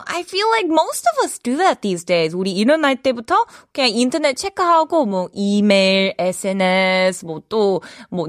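Brisk female radio host, a bit high-pitched, flips between English and Korean, giggles a lot, studio mic. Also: dry recording. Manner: switches between English and Korean, reads listener comments, laughs easily. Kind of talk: casual bilingual radio chat.

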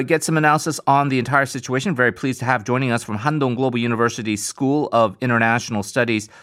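A man with a middle-range voice hosts a radio news interview, setting up the background and then putting questions to a guest. He talks conversationally and often pauses on filler sounds. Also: medium pitch, a bit bright.

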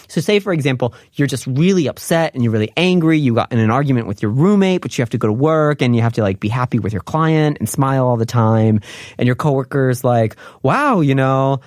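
A man in a language lesson, explaining grammar with a voice of medium pitch that swings widely as he acts out example phrases. The sound is dry and close, with no room echo. He talks in a lively, animated way. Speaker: language teacher.

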